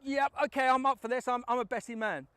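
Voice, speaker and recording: A man voicing an eager, excitable taxman in a told joke. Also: extremely high pitch, fast, clear, resonant tone, dry recording. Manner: eager, exclamatory, gleeful when winning. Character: excitable middle-aged male taxman.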